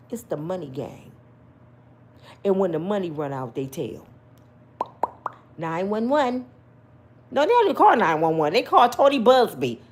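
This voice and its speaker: A woman's voice: on the high side, a little mellow. A woman giving an emphatic, slangy opinion rant to her viewers, full of rhetorical questions. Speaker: commentary vlogger.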